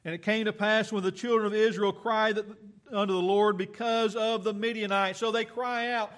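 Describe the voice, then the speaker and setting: A man preaching a sermon, reading scripture aloud in a slow, earnest way with fillers and small self-corrections. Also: high voice, flat delivery, fairly bright tone.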